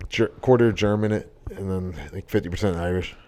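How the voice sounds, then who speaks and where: A man's voice: fairly low pitch, fairly even intonation, brisk, dark tone. A young man, hosting a casual podcast chat and telling stories loosely, with swearing and laughter. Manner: loose, profane, laughing storytelling. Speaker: podcast host.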